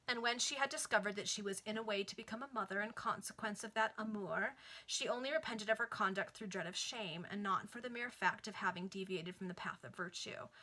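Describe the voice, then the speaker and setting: A woman reading a Victorian novel aloud to friends over a video call, expressive, with small slips and asides. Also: medium pitch. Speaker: reader. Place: home.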